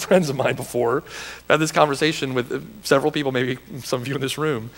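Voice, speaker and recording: A man's voice: medium pitch, fairly even intonation, normal speed, pauses often, big-room sound. A man preaching a sermon as pastor, building into urgent, challenging rhetorical questions. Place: church sanctuary.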